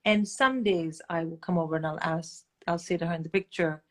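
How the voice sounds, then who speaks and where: A middle-aged woman from India, telling candid stories as a guest in a casual chat, animated and blunt, swearing freely. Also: lowish voice, brisk. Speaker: guest comedian.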